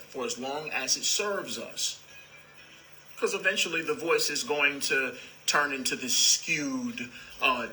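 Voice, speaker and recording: A man speaking as a spiritual teacher, calm and repetitive, who addresses his listeners as "beloved". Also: mid-range voice, slight background noise, low-quality recording. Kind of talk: spiritual talk.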